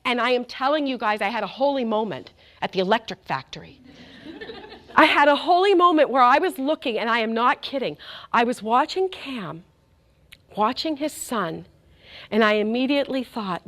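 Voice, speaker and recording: A woman's voice: fairly high pitch, lively intonation, normal speed, fairly bright tone. A middle-aged woman giving a faith talk, telling a story with animation and speaking directly to the crowd.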